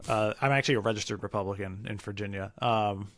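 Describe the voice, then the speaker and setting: A man's voice: on the low side, quick pace, fairly bright tone, dry recording. A man co-hosting a comedy podcast in easygoing casual chat, laughing often. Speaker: podcast co-host.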